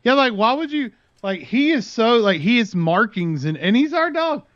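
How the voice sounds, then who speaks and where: A man's voice: extremely high pitch, sing-song, normal speed, a bit bright, no echo, dull audio. A man chatting casually on his livestream, telling a long rambling story and talking to his dog in between. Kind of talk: casual chat with stream viewers.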